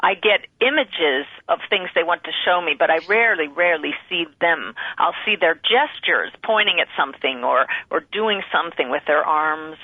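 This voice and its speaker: Calm well-spoken woman guest over a tinny phone line, dry, explains stuff clearly. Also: low voice, moderate pace, few pauses, dry recording. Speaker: guest medium. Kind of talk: interview conversation.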